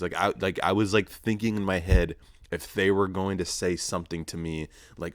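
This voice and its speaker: A man's voice: low voice, level tone, normal speed, no echo, clean studio sound. A man in his early twenties hosting a solo podcast, telling a rambling, profane, self-mocking story in casual chat. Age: early 20s. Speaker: podcast host.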